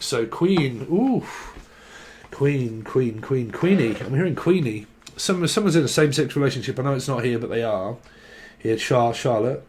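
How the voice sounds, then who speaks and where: A man's voice: medium pitch, darkish tone. Rambling man reading tarot. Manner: rambling free association, singing snatches, laughing often. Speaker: tarot reader. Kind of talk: casual channelled tarot reading.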